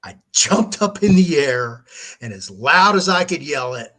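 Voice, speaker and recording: Man, middle-aged, husky voice, bright tone, casual storytelling, laughs and swears. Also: on the high side, big pitch swings, a little slow. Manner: laughs often between lines, swears freely. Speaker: show host.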